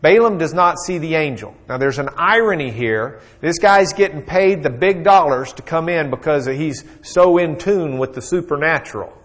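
A man teaches a Bible lesson, retelling the story in a folksy, joking way. His voice sits a bit high, and he often pauses on fillers as he goes. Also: expressive, fairly bright tone.

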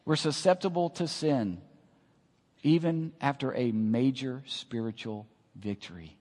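A man preaching a sermon, swinging from hushed lines to loud calls and asking the congregation to repeat after him. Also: mid-range voice, a little slow, long reverb tail.

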